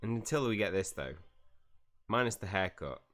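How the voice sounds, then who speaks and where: A man's voice: fairly low pitch, lively intonation, moderate pace, fairly bright tone. A man streaming a game live, chatting casually, reading game dialogue aloud and laughing often. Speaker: gaming streamer. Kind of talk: live gameplay commentary.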